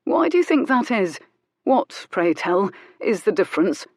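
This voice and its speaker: A woman's voice: medium pitch, very animated, unhurried, breathy edge, dry recording, studio quality. A woman playing a mocking, arrogant duke. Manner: cool, teasing, needling.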